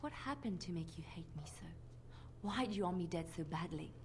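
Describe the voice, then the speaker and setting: A woman's voice: lowish voice, lively intonation, a little fast, slight background noise, lightly acted. Leliana, a woman voicing a defiant French ex-spy. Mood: accusing. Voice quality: tense, accusing. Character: wary female bard and former spy, defiant. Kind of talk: video game voice acting.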